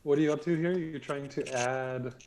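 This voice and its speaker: A man's voice: medium pitch, fairly even intonation, moderate pace, a little mellow. Easygoing man on a video call. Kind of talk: casual video call chat.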